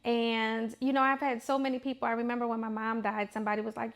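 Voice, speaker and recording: A woman in her thirties hosts her own vlog in a loose, opinionated monologue. Her voice sits a little high, and she talks in an emphatic, chatty way, circling back over phrases to drive them home. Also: little pitch movement, fast talker. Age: 30s. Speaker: vlog host.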